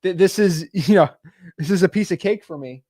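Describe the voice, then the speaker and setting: A man giving a casual coaching talk on cold calling, chatty, with quick asides and frequent laughs. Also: high voice, dark tone, dry recording.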